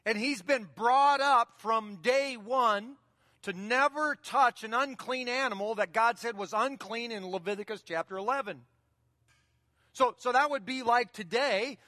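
A man's voice: extremely high pitch, pushed and bright, clean studio sound. A man preaching a sermon as pastor, in a conversational style that keeps repeating key phrases, heard in a church sanctuary. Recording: long reverb of a large hall.

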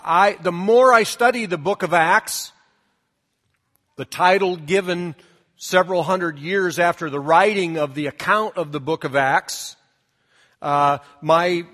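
A male pastor with a high, light voice preaches and reads scripture in a conversational, storytelling manner. His words hang in the long reverb of a church sanctuary. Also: unhurried, bright, forceful tone. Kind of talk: sermon with scripture reading.

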